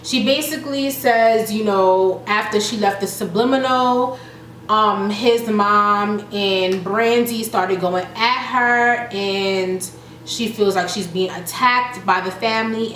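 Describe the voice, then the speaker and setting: A young adult woman casually recapping a reality show, chatty and animated, acting out the quotes with laughter. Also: mid-range voice, slow pace. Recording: echoey room with faint noise.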